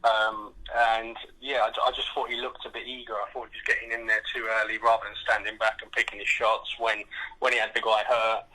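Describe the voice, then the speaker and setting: A man's voice: fairly low pitch, little pitch movement, fairly quick, bright, forceful tone, poor audio. A man on a boxing podcast panel, chatting casually with lots of restarts and tag questions. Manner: hesitant, repeats himself, ends on tag questions. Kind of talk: casual chat.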